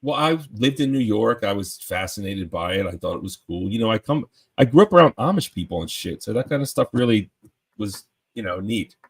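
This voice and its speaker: A man chatting casually on a panel call, rambling and excitable, often tripping over his words. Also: fairly low pitch, brisk, slightly rough. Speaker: panel guest.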